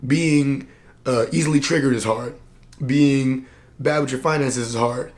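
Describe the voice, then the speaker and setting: A man who works as a coach, talking candidly to camera in a vlog, earnest and reflective, and tired and low on energy. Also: fairly even intonation, measured pace, a little mellow. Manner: earnest, reflective, plain-spoken with many "like" fillers. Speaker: personal development coach and vlogger.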